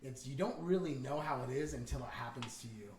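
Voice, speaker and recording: A man speaks in an easygoing way on a casual podcast, mostly adding short remarks. His voice sits at a middle pitch, and the room has an echoey sound with faint noise underneath. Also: fairly quick. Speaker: podcast co-host.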